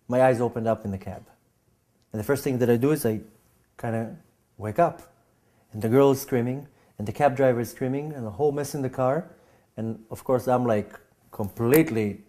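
Guy telling his own story, mellow tone, keeps stumbling and repeating words. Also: mid-range voice. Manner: halting, repeats words and restarts; animated when acting out scenes. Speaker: speaker giving a personal testimony. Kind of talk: spoken personal storytelling.

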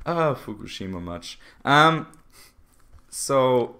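A man's voice: medium pitch, very animated, slow, pushed and bright, clean tone. A man who is a guest comedian in a casual comedic chat, joking and often hesitating with fillers.

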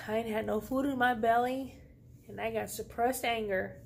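A woman vlogger with a somewhat high voice tells a story in a casual, sassy, slangy way. Faint ambient noise sits behind her. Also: normal speed, vocal fry. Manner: sassy, slangy, animated retelling.

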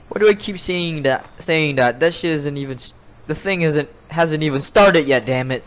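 A man's voice: a little high, moderate pace, few pauses. A man commenting live on a horror game, frightened and jumpy, swearing, gasping and yelping as he explores. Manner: jumpy, frightened, swears a lot, yelps and gasps. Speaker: gamer playing a horror game.

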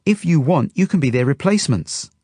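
A man puts on a high, earnest little girl's voice, blunt and innocent. She sounds small and bold in a storybook reading. The delivery is close and dry, with a soft husk. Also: expressive, a little fast, breathy edge, no echo. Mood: pleading.

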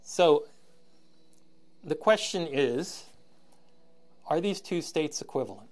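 Halting man lecturing, throat clearing. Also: a little high, animated, darkish tone. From Canada. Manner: halting, many ums and uhs, frequent throat clearing; wry, sardonic asides. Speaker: university lecturer. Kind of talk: recorded lecture.

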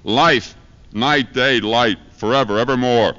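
The speaker is a street preacher comedian with a lowish, smooth, slightly bright voice, talking at a normal speed. He rambles through a profane stand-up piece with rhyming chants, recorded live before a university lecture hall audience. The 1970s archive recording is dull and lo-fi.

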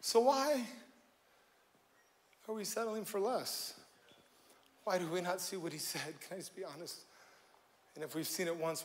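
High-voiced animated male pastor. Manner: animated, jokey preaching that swings between loud and hushed. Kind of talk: sermon. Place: church stage before a live congregation.

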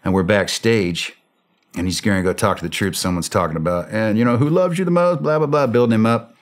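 A man, a former special forces operator, casually telling a war story as a podcast guest. He is animated, laughs often, and acts out the dialogue. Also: fairly low pitch, fairly quick.

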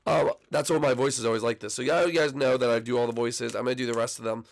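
A man's voice: medium pitch, fairly even intonation, quick pace, gravelly, noisy background. A young man hosting a casual behind-the-scenes video, rambling and self-deprecating, his voice strained. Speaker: channel host.

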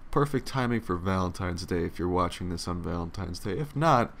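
A man's voice: sits low, lively intonation, a little fast, hardly any pauses, fairly bright tone, a little hiss or hum. A young man giving casual gameplay commentary, profane, sarcastic and tired, grumbling at the game. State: yawning, tired. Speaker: let's play commentator.

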